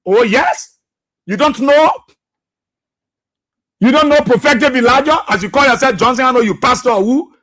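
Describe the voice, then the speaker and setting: A man with a Liberian accent hosting political talk radio, impassioned and repetitive, with a husky voice. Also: very high voice, moderate pace, long pauses, fairly bright tone. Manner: repetitive, impassioned, laughing jabs at opponents. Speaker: radio station boss and talk show host.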